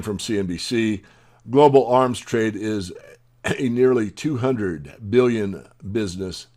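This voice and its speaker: A man with a very low voice reads out news items and breaks off to comment on them. He drops his pitch and volume at the ends of phrases, and his asides come across as blunt and opinionated. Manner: opinionated asides between read-out headlines. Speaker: newsletter host.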